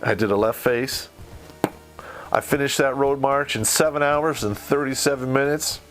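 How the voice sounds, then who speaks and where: A man's voice: medium pitch, moderate pace, a bit bright, soft background music. A middle-aged man from Michigan telling a war story in casual, blunt, profanity-heavy podcast talk. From Michigan, USA. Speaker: podcast host.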